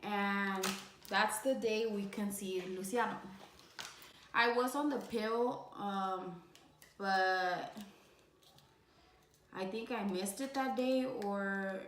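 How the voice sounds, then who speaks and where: A woman's voice: mid-range voice, takes it slowly, pauses often, fairly bright tone, a little hiss or hum. Young woman telling a tearful story in an echoey room. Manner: rambling, heavy use of "like"; emotional, tearing up at times. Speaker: vlogger. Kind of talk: casual storytime vlog.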